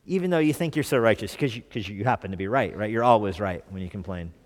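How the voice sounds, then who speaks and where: A man's voice: on the low side, lively intonation, brisk. Man preaching a conversational sermon in a reverberant church. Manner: conversational, asks the congregation questions. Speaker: pastor.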